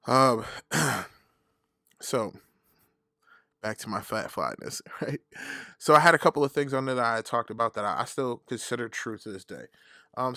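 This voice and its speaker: A young man hosting his own podcast, telling stories in a loose, profane and animated way. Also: medium pitch, no echo, studio quality. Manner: profane, animated storytelling with laughs. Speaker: podcast host. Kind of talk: casual solo podcast rant.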